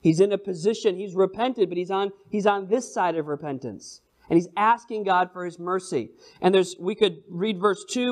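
A man preaching a sermon, expressive and emphatic, reading scripture slowly in old-style wording. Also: sits high.

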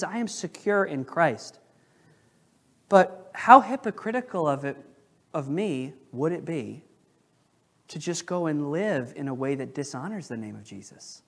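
Man preaching an interactive church sermon. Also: fairly high pitch. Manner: interactive, questions the congregation; emphatic, slows down on key phrases. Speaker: pastor. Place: church sanctuary.

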